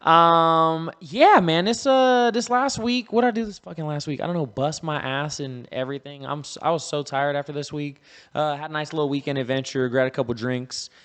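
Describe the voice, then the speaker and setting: A young man hosting a crude, casual podcast, joking loudly and swearing a lot. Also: fairly high pitch, a little fast, clean tone. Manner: profane, loud, joking. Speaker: podcast host.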